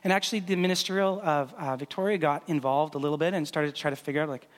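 A man's voice: a little high, steady tone, quick pace. A man preaching a casual sermon as a pastor, talking loosely with lots of fillers while he walks volunteers through a demonstration. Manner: conversational, loose and filler-heavy. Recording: long hall reverb.

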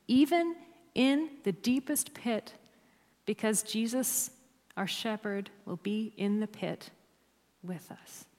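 A woman preaching a sermon to a church, emphatic and dropping to near-whispers on key words. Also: mid-range voice. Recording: long hall reverb.

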